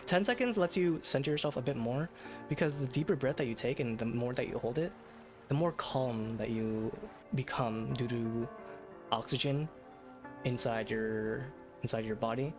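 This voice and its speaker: A man streaming late at night, chatting casually in a rambling, self-deprecating way with lots of fillers and restarts. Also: mid-range voice. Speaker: VTuber streamer. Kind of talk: casual live-stream chat.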